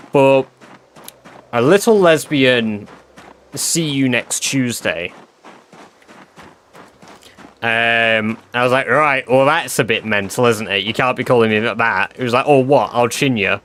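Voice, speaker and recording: A man's voice: on the low side, sharp tone, a little hiss or hum. A young man telling a casual story to his live stream viewers, chatty and full of fillers and swearing.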